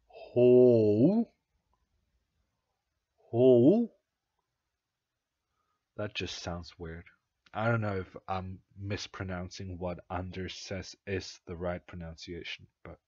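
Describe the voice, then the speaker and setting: Streaming chess commentary in a casual way, a young man from Norway whose first language is Norwegian thinks out loud, hesitating and filling gaps with uhs and ums. His pitch is fairly low, and the lo-fi audio has no echo.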